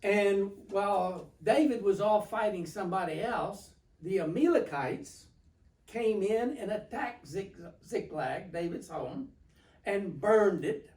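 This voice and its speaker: A man leads a relaxed Bible study as pastor, spinning the story in a folksy, stop-and-start way. His voice rings around an echoey church room. He sounds set back from the microphone. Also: high-pitched, slow. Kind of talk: informal Bible study teaching. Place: church sanctuary. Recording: echoey room, mic at a distance.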